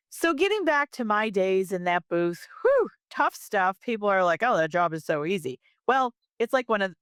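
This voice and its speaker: A middle-aged woman hosting a podcast, giving punchy, emphatic straight talk with lively pitch swings into a close mic. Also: dry recording. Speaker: podcast host, immigration lawyer. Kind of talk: direct podcast monologue.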